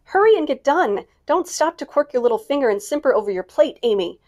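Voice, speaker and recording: A woman voicing a bold, impulsive teenage girl who talks in a quick, dramatic way. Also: medium pitch, close to an everyday voice. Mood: impatient.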